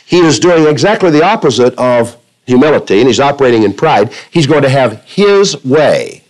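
A man's voice: medium pitch, sing-song, moderate pace, a little mellow, low-quality recording. A man preaching a sermon to a congregation, telling illustrations and quoting scripture with shifting emphasis. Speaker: pastor.

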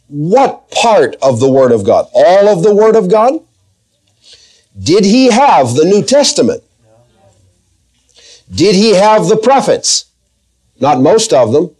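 Man teaching a Bible sermon, fairly high. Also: darkish tone. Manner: emphatic, slows to read scripture aloud; asks the congregation questions. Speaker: preacher.

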